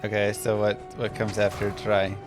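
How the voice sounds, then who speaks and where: A male streamer with an everyday voice, chatting live while game music plays clearly underneath. He laughs at the assistant and grows impatient, pressing it again and again to just get on with it. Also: lowish voice, completely flat delivery, moderate pace. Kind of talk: live gameplay stream chat.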